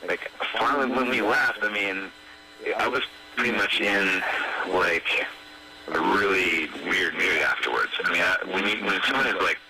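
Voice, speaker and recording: A man's voice: deep voice, animated. A man talking on a radio show, stammering and restarting his sentences as he describes his feelings. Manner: stammering, halting, many restarts. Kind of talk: emotional on-air conversation. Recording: radio broadcast with loud noise.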